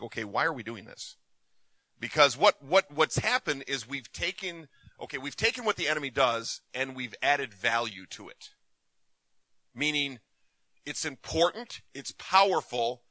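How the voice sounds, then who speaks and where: Guy preaching, super bright tone, dry close sound, stumbles and repeats himself a lot. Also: mid-range voice, no room sound, poor audio. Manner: conversational, repeats words, acts out dialogue. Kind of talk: sermon with personal storytelling.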